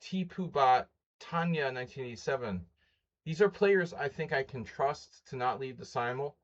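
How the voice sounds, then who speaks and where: Male chess streamer, mid-pitched, chatty and wry, slightly dull home-stream audio. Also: animated, normal speed. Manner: chatty and wry, rattling off rules and greeting viewers. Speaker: chess streamer hosting a simul. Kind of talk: casual live-stream chat.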